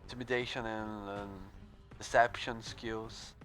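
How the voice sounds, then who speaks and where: A man's voice: lowish voice, flat delivery, unhurried, a bit bright, faint music behind. A man running an online tabletop game as game master, easygoing, laughing often and stopping to say uh.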